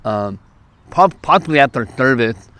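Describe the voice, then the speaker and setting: A man from California, a youth preacher, telling a story to camera outdoors at a park, lively and quick, acting out what others said. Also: mid-range voice, clean tone. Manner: lively, quick bursts, acts out quoted lines.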